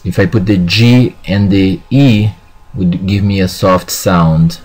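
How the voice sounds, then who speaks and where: A man with a fairly low voice teaching a language class. He talks slowly and deliberately and keeps saying "okay". He sounds out each example word with care. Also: fairly even intonation, a little mellow. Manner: slow, repeats "okay" often, models words slowly. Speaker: Spanish teacher. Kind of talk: classroom lesson.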